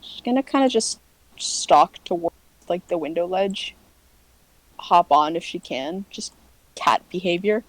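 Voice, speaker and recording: A woman's voice: on the low side, expressive, a little slow, long pauses, low-quality recording. A woman playing a tabletop game, playful and giggly as she describes her character. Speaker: player.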